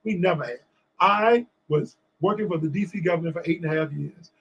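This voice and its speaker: Animated male guest from D.C., high and husky, acts out every quote. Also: a little fast, muffled recording. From Washington, D.C. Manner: animated storyteller acting out quotes. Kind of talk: storytelling in a casual interview.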